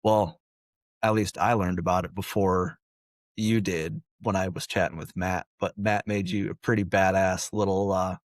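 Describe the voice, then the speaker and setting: A man's voice: low voice, fairly even intonation, moderate pace, dry recording, studio quality. A young man hosting a podcast, talking loosely and saying "dude" and "like" a lot. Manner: laid-back, says "dude" and "like" constantly. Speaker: podcast host. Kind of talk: casual chat.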